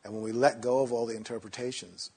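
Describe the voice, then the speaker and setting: A man teaching meditation in a relaxed, conversational way, sometimes acting out inner voices in a mocking tone. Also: medium pitch, fast, slightly rough.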